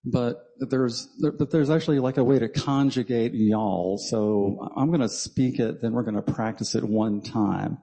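A man's voice: medium pitch, a little slow, few pauses, mellow, husky. A man from South Carolina with a Southern accent, a guest speaker giving a humorous talk from a church pulpit, chatty, with many ums and self-deprecating jokes. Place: church sanctuary. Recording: long hall reverb.

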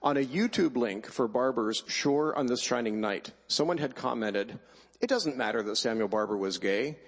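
A man's voice: medium pitch, expressive, moderate pace, husky. A middle-aged man giving a wry, emphatic personal speech at a choir event before introducing the choir. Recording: long hall reverb.

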